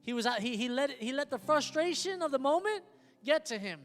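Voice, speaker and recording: A man's voice: very high voice, lively intonation, brisk. Emphatic male pastor preaching in a hall. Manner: emphatic, repeats questions to the congregation. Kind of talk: sermon. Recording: long hall reverb with soft guitar behind.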